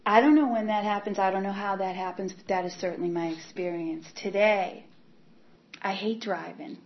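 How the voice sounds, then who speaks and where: Woman, personal testimony, candid, halting, repeats herself, dull muffled recording. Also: mid-range voice. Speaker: speaker sharing her recovery story.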